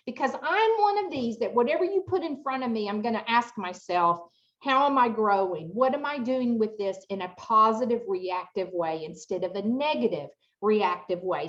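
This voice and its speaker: A middle-aged woman giving an interactive online workshop, chatty and expressive, asking the audience lots of rhetorical questions over a video call. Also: on the high side, highs cut off. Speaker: workshop presenter.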